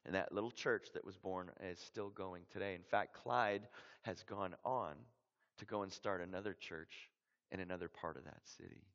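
A man from Canada tells a mission story as an animated sermon and acts out the people in it. His voice sits low. The sound is dull and lo-fi, with a long reverb from a big hall. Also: moderate pace. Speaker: missionary preacher.

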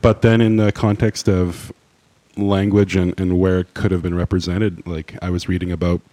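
A man's voice: low voice, level tone, moderate pace, mellow, no echo. A man co-hosting a theology podcast, thinking aloud with hesitant restarts. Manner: thoughtful, hesitant, with many restarts. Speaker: podcast co-host. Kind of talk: casual podcast chat about theology.

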